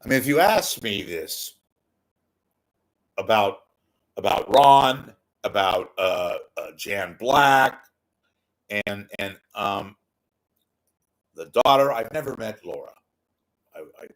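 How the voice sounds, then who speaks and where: A man talks straight into his webcam, hosting a loose, rambling livestream. His voice is on the low side, and he mocks himself and trips over repeated words as he goes. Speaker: livestream host. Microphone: webcam close to face.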